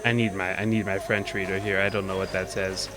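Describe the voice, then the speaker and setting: A man's voice: deep voice, little pitch movement, fairly quick, music in the background. Joking man commenting on gameplay. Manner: joking, curious, often laughing. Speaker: streamer.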